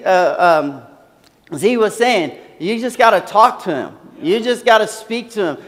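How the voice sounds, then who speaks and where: A man preaching a sermon earnestly, repeating phrases and using many fillers, in a large hall. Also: sits high. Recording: long hall reverb.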